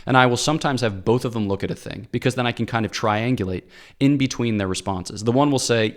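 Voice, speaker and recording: A priest from Pennsylvania giving practical advice in a casual, earnest talk, often checking in with "okay?" and "all right?". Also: male voice, lowish voice, fast talker. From Pennsylvania, USA.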